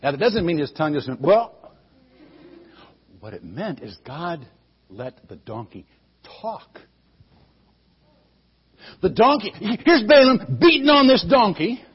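Lively husky male storyteller. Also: high voice, a little slow, long pauses, muffled recording. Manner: asks the audience questions, playful. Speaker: storyteller for children. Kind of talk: animated Bible storytelling.

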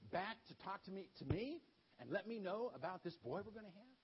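An eager, excitable husband who keeps asking question after question, as a male storyteller puts him on. The voice is high and animated, with a slightly husky edge. The recording sounds dull and lo-fi. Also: fairly quick, heavily acted.

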